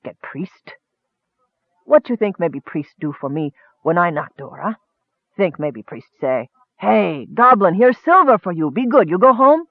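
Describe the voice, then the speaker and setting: A man voicing a big young male goblin who talks in broken, clipped grammar, calm and cold, in a storybook reading. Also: high-pitched, measured pace, no echo, exaggerated voice. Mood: cold mocking. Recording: dry, narrow phone-like sound.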